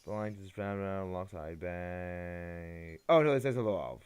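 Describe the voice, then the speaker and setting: A man's voice: low voice, unhurried, darkish tone, clean tone. A tired young man chatting casually on a live game stream, rambling and hesitant, often restarting his sentences. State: tired, yawning.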